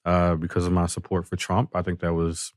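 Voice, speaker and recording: A man's voice: low voice, completely flat delivery, fairly quick, no echo, clean studio sound. A man being interviewed as a guest, answering openly and earnestly with small hesitations.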